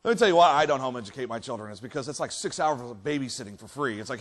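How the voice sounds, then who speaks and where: A man preaching a sermon as pastor in a church, reading scripture aloud and acting out lines with many restarts and animated emphasis. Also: medium pitch, very fast. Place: church sanctuary.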